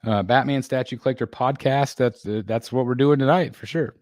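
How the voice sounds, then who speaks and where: A man's voice: mid-range voice, a little mellow, dry recording. Guy hosting a live chat, mid voice, lots of ums and restarts, dead dry sound. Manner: halting, many fillers and restarts, laughs often. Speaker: livestream host. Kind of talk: casual live chat reading viewer comments. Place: home room being built.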